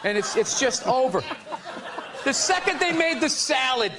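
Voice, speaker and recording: A man's voice: very high-pitched, expressive, moderate pace, background noise. A man in casual chat, griping with exaggerated comic complaints.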